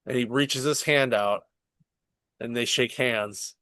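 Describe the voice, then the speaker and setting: A man co-hosting a casual podcast, excitedly retelling a show and acting out its dialogue, with frequent swearing. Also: medium pitch, takes it slowly, clean tone, no echo. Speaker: podcast co-host.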